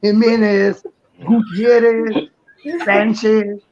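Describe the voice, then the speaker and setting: A man's voice: high voice, little pitch movement, slow pace, muffled recording, crowd noise. A male comedian bantering on a comedy show, laughing and teasing the others.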